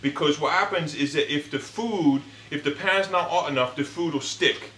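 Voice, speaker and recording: In an echoey home kitchen, a man plays cooking show host, chatting through each step in a hammy, put-on comic accent while pans sizzle and clatter. His voice is fairly high and fairly bright, at a normal speed, with background noise in the recording.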